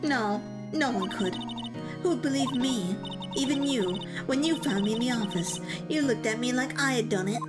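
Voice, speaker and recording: A woman voicing a frightened, downcast young woman suspected of murder, speaking softly and hesitantly. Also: a little high, moderate pace, loud music behind the voice, natural voice. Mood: dejected.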